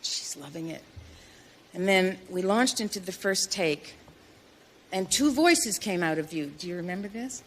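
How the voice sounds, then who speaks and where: A woman's voice: lowish voice, expressive, unhurried. A woman telling an amused anecdote from a stage at an award tribute. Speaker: actress giving a tribute.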